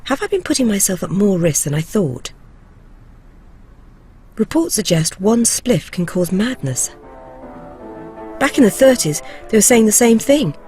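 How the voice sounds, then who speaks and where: A woman's voice: medium pitch, big pitch swings, measured pace, pauses often, a little mellow, faint music behind. A woman presenting a documentary, narrating candidly in the first person and interviewing experts.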